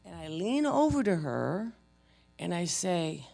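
Gravelly preacher type teaching a class, jokey, voice jumps all over when telling stories. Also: medium pitch, slow. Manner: animated, acts out loud quoted voices. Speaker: spiritual warfare trainer. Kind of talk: church teaching with storytelling.

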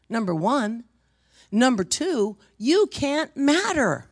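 Older woman preacher, gravelly voice, rambling storyteller, dry close sound. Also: medium pitch, no room sound. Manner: rambling, repeats words, swings from hushed to emphatic. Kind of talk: sermon with personal stories.

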